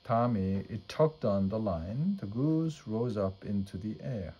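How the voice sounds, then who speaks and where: A man reading a children's storybook aloud at a measured pace. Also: on the low side, expressive, muffled recording. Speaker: storybook reader.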